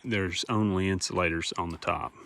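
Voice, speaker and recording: A young man with a fairly low voice talks plainly to his phone camera out in a farm field, thinking aloud as he works. A faint outdoor hum sits behind him. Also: steady tone, moderate pace, gravelly, fairly bright tone. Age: young adult. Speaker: farmer filming a farm vlog. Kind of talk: casual talk to camera. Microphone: phone propped up nearby.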